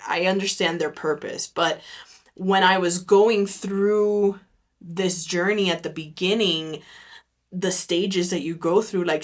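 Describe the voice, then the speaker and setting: This woman hosts her own podcast and delivers a casual solo monologue, thinking aloud in a candid, unfiltered, reflective way and leaning heavily on "like." Her voice is lowish with a bit of brightness.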